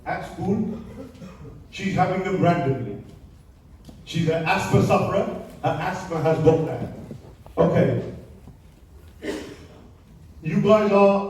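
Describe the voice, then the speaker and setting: A man's voice: high voice, a little mellow, a little hiss or hum. A man from England addressing a public meeting as a local resident, emotional and pleading, then angry and accusing. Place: large hall with a crowd. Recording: echoey hall from far off.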